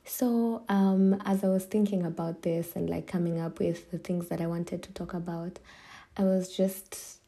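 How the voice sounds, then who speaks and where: A young woman hosting a casual solo podcast, chatty and emotional and quick to laugh. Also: on the low side, steady tone, warm tone. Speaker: podcast host.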